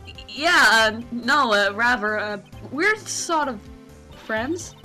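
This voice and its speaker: A woman's voice: fairly high pitch, lively intonation, slow, bright, forceful tone, soft background music, heavily acted. A woman voicing a meek young male lawyer who stammers and hesitates, in a fan game dub.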